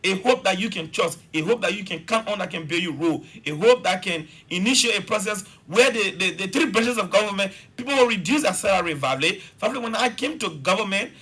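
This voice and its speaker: A man's voice: high voice, fast talker, few pauses, sharp tone, husky. A man with a Liberian accent, a government official making an emphatic, repetitive political argument as a talk-show guest.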